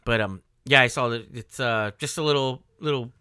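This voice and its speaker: A man's voice: mid-range voice, normal speed, pushed and bright, clean tone, dry recording, studio quality. A man in his forties co-hosting a podcast, chatting casually and rambling with lots of fillers. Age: 40s. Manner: rambling, laughing, full of fillers. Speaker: podcast co-host. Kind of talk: casual chat.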